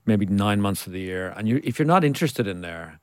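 A middle-aged man talks in a fairly low voice, spinning self-mocking anecdotes as an interview guest. He laughs easily between lines. The sound is close and dry, with no room around it. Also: expressive, fairly quick, clean tone, dry recording. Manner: self-deprecating storyteller, laughs often. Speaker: author guest. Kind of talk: casual interview chat.

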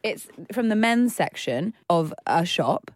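A woman's voice: mid-range voice, lively intonation, takes it slowly, no echo, clean studio sound. A woman co-hosting a podcast in casual chat, playful and enthusiastic. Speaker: podcast co-host.

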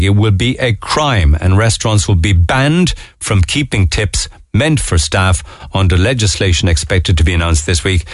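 A man's voice: fairly low pitch, no echo, studio quality. Chatty man hosting radio. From Ireland. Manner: chatty, rambling, jokey asides. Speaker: radio show host. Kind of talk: casual radio chat. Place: radio studio. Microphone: studio microphone.

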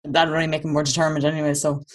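A woman chatting casually on a podcast, relaxed and swearing lightly as she reacts to an episode. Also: low-pitched, very fast.

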